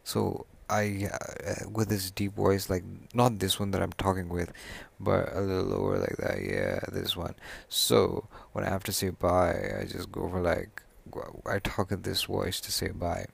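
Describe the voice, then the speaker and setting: Young male podcast host, very low gravelly voice, casual, rambling, self-correcting. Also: flat delivery, unhurried. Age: young adult. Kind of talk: casual solo podcast talk.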